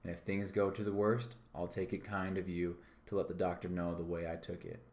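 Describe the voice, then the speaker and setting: A man voicing a defiant excited cabin boy. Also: low voice, fairly quick, natural voice. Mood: earnest. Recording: echoey room.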